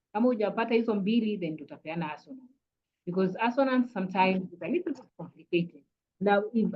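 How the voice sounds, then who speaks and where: A woman with a Kenyan accent leads an online revision lesson over a video call. Her voice sits at a middle pitch, and she is patient and repetitive, with steady "uh" fillers. The sound is dull and lo-fi. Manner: patient, repeats "kindly", frequent "uh" fillers. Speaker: English teacher.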